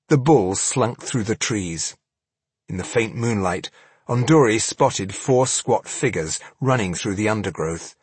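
A man reading fantasy fiction aloud as an audiobook narrator, with dramatic, measured storytelling. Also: fairly low pitch, lively intonation, darkish tone, husky, dry recording.

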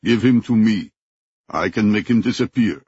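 A man's voice: on the low side, moderate pace, darkish tone, slightly rough. A man voicing a ruthless male general with a southern African accent, blunt and threatening, in an audiobook. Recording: dull lo-fi recording.

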